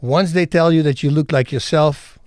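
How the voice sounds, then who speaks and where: A middle-aged man from the Netherlands, telling stories as a podcast guest in an animated, emphatic way and acting out scenes. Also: a little high, moderate pace, no echo, studio quality. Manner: animated, emphatic storyteller who acts out scenes. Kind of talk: podcast interview storytelling.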